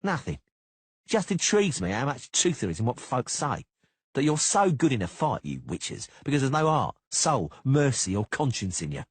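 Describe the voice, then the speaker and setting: A man reading an audiobook, voicing a swaggering male mercenary who mocks and menaces in a husky, taunting voice. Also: mid-range voice, big pitch swings, normal speed, dry recording, voice pushed up. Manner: taunting, sneering.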